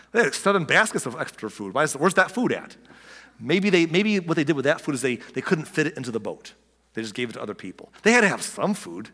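Joking preacher with echoing voice. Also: male voice, medium pitch. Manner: animated, joking, acts out quotes. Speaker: pastor. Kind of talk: conversational sermon. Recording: long hall reverb.

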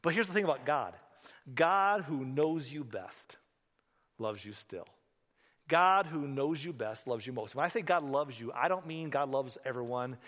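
A man, a pastor, preaching a sermon in a conversational, animated storytelling manner in a church hall. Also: mid-range voice, measured pace. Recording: echoey hall.

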